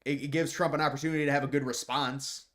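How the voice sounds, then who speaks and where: A man hosting a casual live stream, reading out viewer questions and answering them off the cuff at an average pitch. He rambles and trips over the starts of his sentences, repeating words before the thought lands, and slips into scornful, mocking asides. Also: steady tone, fast, fairly bright tone.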